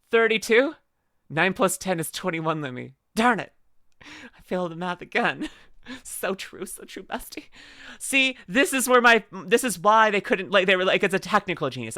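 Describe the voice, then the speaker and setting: Young adult woman, playful casual stream chat, giggly, very lively pitch, dry close mic. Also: dry recording. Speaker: VTuber streamer.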